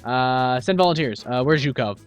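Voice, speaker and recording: A man hosting a gaming video, commenting on strategy gameplay in an excitable, jokey, self-mocking way. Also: mid-range voice, moderate pace, clear, resonant tone, faint music behind. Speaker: gaming channel host.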